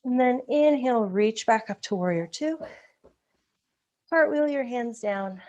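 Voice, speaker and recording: A woman leading a live-streamed yoga class, calmly cueing breaths and poses, a little out of breath, heard over a video call. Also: fairly high pitch, unhurried, highs cut off. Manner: calm breath-paced cueing, occasional self-corrections. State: slightly out of breath. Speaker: yoga instructor.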